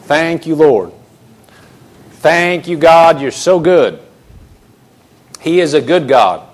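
A man with a fairly high voice delivers an emphatic sermon. He leans on repeated phrases and moves between slow, drawn-out lines and quick bursts. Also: expressive. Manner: emphatic preaching, varied pace, repeats phrases. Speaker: pastor.

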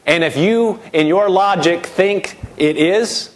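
Male preacher, middle-aged, emphatic sermon delivery, fairly high voice, big swings in pitch. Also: slow. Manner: emphatic, rising and falling sharply, acting out voices in quotes.

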